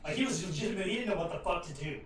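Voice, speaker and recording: An excited man in casual podcast chat who leans on fillers and swears freely. His voice sits high for a man. It comes through very echoey and distant, with faint noise behind it. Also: very fast.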